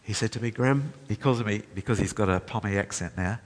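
Older male preacher, impassioned sermon, loud peaks and hushed drops, long hall reverb. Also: fairly low pitch, fast. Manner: impassioned, rising to loud emphatic peaks then dropping soft.

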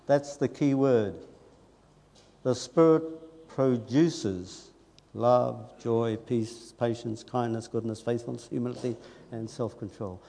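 A man preaching a sermon in a church, talking earnestly and conversationally, dropping to soft asides and rising on emphatic lines. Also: mid-range voice, level tone, a little slow, vocal fry, in a large hall.

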